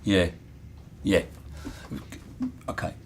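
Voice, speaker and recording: A man's voice: extremely slow, slight background noise. A middle-aged man with a Portsmouth accent, talking earnestly and reflectively in an interview, with frequent fillers and restarts. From Portsmouth, England. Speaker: interviewee, former dockyard worker. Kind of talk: casual interview talk.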